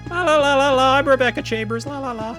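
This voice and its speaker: A man in his thirties putting on a giddy, singsong young woman medic in a high falsetto. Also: measured pace, a bit bright, soft background music. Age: 30s.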